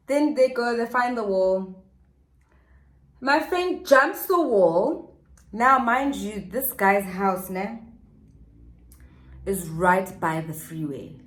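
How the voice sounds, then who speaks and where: A young woman telling a scandalous story in a vlog, sassy and animated, acting out the quotes. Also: fairly high pitch, takes it slowly, pauses often. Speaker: vlogger. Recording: roomy echo.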